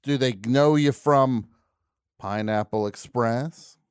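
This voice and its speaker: A man's voice: mid-range voice, slow, clean tone, dry recording, studio quality. Jokey rambling male podcast host. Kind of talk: casual chat.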